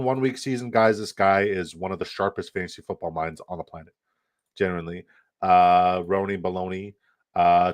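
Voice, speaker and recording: Brief: lower-pitched male streamer, profane and hyped, reading and answering chat. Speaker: fantasy football streamer. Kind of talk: casual live stream chat.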